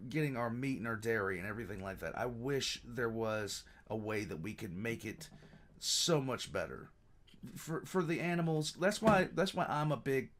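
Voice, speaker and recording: A man hosting a reaction video in casual commentary, rambling and repeating words as he searches for them, earnest and frustrated. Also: mid-range voice.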